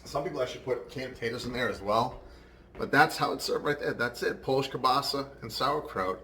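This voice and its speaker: A man's voice: mid-range voice, brisk, sharp tone, echoey room, a little hiss or hum. A man hosting a casual home cooking show, chatting straight to his viewers.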